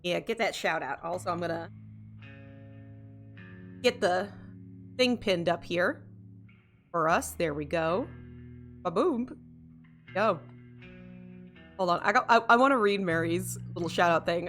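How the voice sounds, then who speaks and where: A woman's voice: fairly low pitch, animated, unhurried, pauses often, fairly bright tone. Woman game streamer, sleepy and yawning, rambling casual chat, faint music behind. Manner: rambling, self-interrupting, chatty with chat readers, laughs often.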